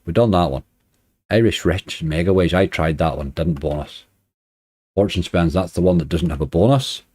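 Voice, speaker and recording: A man's voice: low voice, moderate pace, darkish tone, a little hiss or hum. A man hosting a late-night slots live stream, chatting casually, greeting viewers and laughing often. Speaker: slot streamer.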